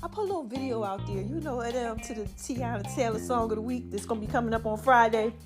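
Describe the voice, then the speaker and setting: A woman hosting her own podcast in a lively, preachy, slangy way, a little out of breath as she talks. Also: on the high side, fast, over music. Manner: lively, preachy, slangy, calls herself Mama. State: slightly out of breath. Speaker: podcast host. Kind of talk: casual inspirational monologue.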